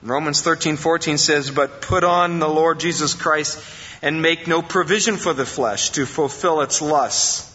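A male pastor preaches a sermon in a high, sharp voice. He jumps up in pitch and acts out the excuses people make. The sound is a bit dull and carries a long hall reverb. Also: unhurried. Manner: preaching with sudden rises in pitch, acting out quoted excuses.

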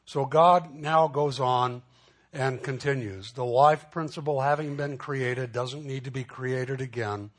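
Man, pastor, sermon, conversational teaching, asides and restarts, mid-pitched voice. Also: steady tone, unhurried.

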